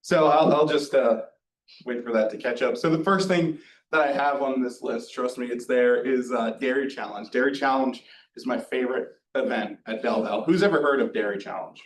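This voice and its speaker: A man's voice: medium pitch, moderate pace, slight background noise. A young man in his twenties giving a casual, chatty presentation with lots of ums and asides. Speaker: student presenter at a career night. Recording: echoey room, distant mic.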